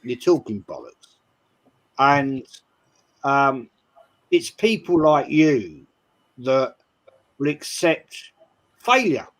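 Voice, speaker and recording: A man hosting a football call-in show, giving measured but blunt opinions. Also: medium pitch, very animated. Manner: measured, blunt, dismissive of critics.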